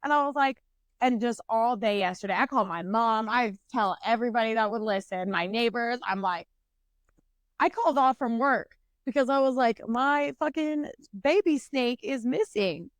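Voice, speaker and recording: Animated, swearing young woman. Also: fairly high pitch, moderate pace, dry recording. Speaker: podcast co-host. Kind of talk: casual chat.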